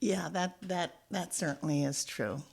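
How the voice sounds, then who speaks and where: A woman's voice: lowish voice, a little slow, vocal fry, a little mellow, breathy edge. Middle-aged woman reminiscing on a podcast. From Jamaica. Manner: reminiscing, chiming in with agreement. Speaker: podcast co-host. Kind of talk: casual podcast chat.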